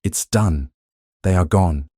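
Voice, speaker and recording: A man voicing a commanding duke who shouts in fury and pleads desperately. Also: low-pitched, takes it slowly, dry recording, studio quality. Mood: pleading. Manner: forceful, shouting then pleading. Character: powerful duke, furious, protective, commanding.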